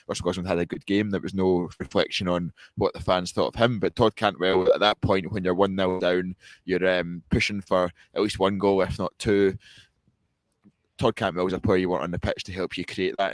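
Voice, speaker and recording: A man with a very deep, level voice talks through a football match in a measured, analytical way, often restarting his sentences. His delivery stays flat and even, and the recording is dry and close. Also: dry recording. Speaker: podcast co-host. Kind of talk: post-match football reaction chat.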